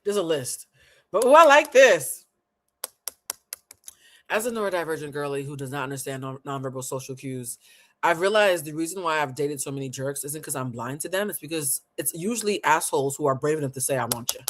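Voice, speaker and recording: A woman's voice: deep voice, fast. Woman, tarot reader, live stream, playful, blunt, slangy, chatty with viewers. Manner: animated, playful and blunt, laughs often; casual slang-heavy chat with viewers.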